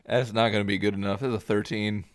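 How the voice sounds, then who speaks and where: A man playing in a tabletop game, reacting in an animated way. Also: on the low side, quick pace. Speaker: player.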